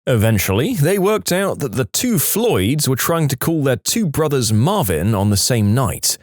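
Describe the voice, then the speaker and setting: A man narrating reddit stories in an expressive, scripted way. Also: medium pitch, measured pace, few pauses, no room sound, studio quality.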